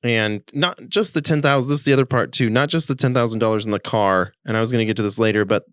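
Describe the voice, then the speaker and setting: Here a podcast co-host, male and medium-pitched, rattles through a story at a fast clip, bringing the quoted speech to life with animated delivery. The chat is casual, and the sound is clean studio audio without echo.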